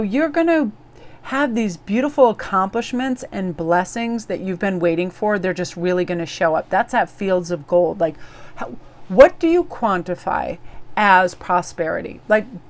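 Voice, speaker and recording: A woman giving a casual daily tarot reading in a bubbly, effusive, chatty way. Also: medium pitch. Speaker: tarot reader.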